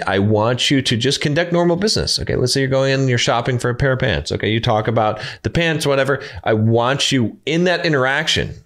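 A man's voice: mid-range voice, fairly bright tone. A man giving emphatic, instructive coaching advice straight to his viewers, often checking in with "all right" and "right". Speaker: dating coach. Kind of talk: direct-to-camera coaching talk.

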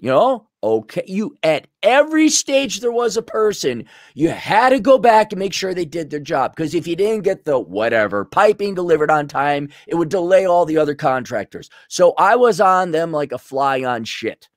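A man hosting a sarcastic, self-mocking ranting monologue, loud one moment and muttering the next. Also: on the high side, very animated, moderate pace, hardly any pauses, no echo, clean studio sound. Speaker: commentary show host.

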